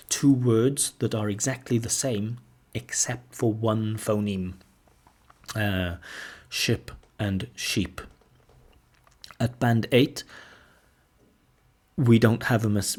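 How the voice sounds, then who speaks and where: A man with a fairly low, slightly husky voice explains exam speaking criteria to camera. He talks in a relaxed, conversational way, with fillers and asides. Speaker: IELTS teacher and examiner.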